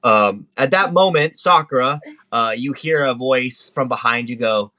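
A man's voice: medium pitch, unhurried, bright, forceful tone, no echo. A man narrating as game master in a casual, chatty way, laughing along.

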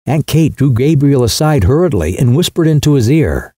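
A man reads a classic short story aloud in a mellow, slightly husky voice. His intonation moves with lively rises and falls, and the sound is close and dry. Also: normal speed, few pauses, no room sound. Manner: voices characters with pitch shifts. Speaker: audiobook narrator. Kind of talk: literary audiobook narration.

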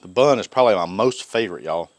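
A man's voice: on the low side, expressive, fast talker, dry recording. A man hosting a casual cooking vlog, folksy and enthusiastic. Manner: folksy and enthusiastic, Southern phrasing. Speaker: cooking channel host. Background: griddle sizzling.

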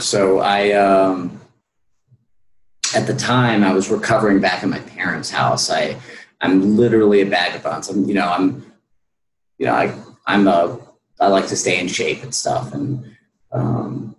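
A man with a very low voice tells his own story slowly and earnestly, with many fillers. He is recorded in an echoey room with faint noise behind him. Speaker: guest. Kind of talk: personal story in an interview.

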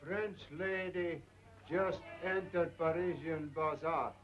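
A spy with a raised voice who reports slowly in broken English. His words come out unhurried and deliberate. Faint background noise sits under him. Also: on the high side, fairly even intonation.

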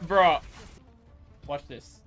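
A young man streaming a game, excitable and laughing often, swearing freely as he plays. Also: fairly high pitch, extremely slow, faint music behind. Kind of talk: live gameplay commentary.

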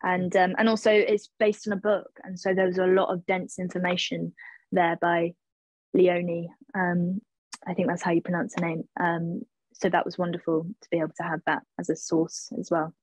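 A woman's voice: fairly low pitch, completely flat delivery, moderate pace, no room sound, rough recording. Young woman, hesitant, dry close sound. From England. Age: 20s. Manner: hesitant, many fillers and restarts, searching for words. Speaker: actress, interview guest. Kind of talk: casual interview answers.

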